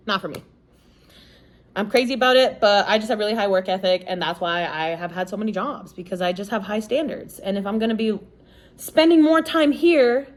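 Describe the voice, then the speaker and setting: A woman hosting a podcast, talking in a casual monologue that is blunt and emphatic, with lots of swearing and "like" and "you know". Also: on the high side. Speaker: podcast host.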